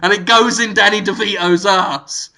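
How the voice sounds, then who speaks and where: A man co-hosting a comedy podcast, spinning an absurd story with giggles and sudden shouted bits. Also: high-pitched, steady tone, moderate pace, rough recording. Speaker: podcast co-host.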